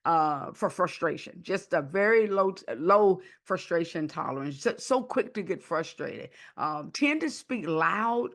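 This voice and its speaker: A woman hosting a podcast, teaching in a lively way with many repeated words and restarts, sometimes acting out rude people in a raised voice. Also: on the low side. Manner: animated, acts out rude people in a raised, whiny voice. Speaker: podcast host and counselor.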